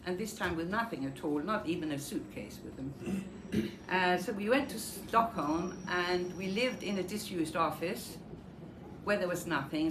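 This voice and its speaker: Older woman, from Denmark, lowish voice, vivid storyteller, echoey hall, faint hiss. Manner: vivid storytelling, acts out quoted dialogue. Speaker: Holocaust survivor giving a talk. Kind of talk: personal memoir talk. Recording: echoey room with faint noise.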